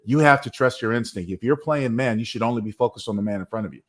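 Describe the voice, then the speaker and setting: Male former-player analyst, quick delivery, emphatic and playful in casual talk. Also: medium pitch. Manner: emphatic, animated, jokey storytelling. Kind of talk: casual sports podcast talk.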